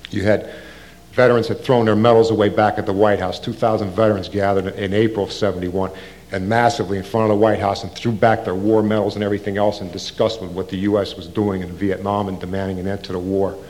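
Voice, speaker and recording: An older man speaking in a fairly low voice, telling his own story in an oral-history interview. He rambles casually, trips over restarts and falls back on slang. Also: flat delivery, fast talker, a little mellow. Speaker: Vietnam veteran recounting his service.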